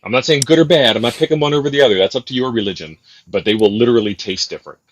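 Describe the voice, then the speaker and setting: A man co-hosting a casual live-stream chat, joking around and pitching the show's coffee. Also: racing, slight background noise. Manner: joking, reads coffee promos. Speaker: co-host.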